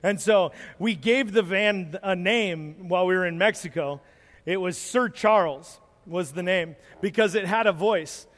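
A man, a pastor, telling a lively story from a mission trip during a sermon, acting out moments as he goes. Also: sits high, measured pace. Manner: animated storyteller, acts out moments. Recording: long hall reverb.

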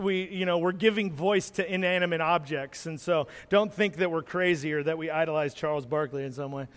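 High-voiced pastor telling a story. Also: male voice, moderate pace, few pauses. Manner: animated storyteller, acts out moments. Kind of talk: sermon storytelling with slides. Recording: long hall reverb.

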